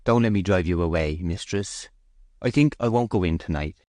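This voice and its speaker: A man's voice: low-pitched, normal speed, darkish tone, no echo, clean studio sound, natural voice. Man voicing a shy, steadfast country farm manager. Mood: hesitant. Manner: hesitant, plain-spoken. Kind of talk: audiobook character voice.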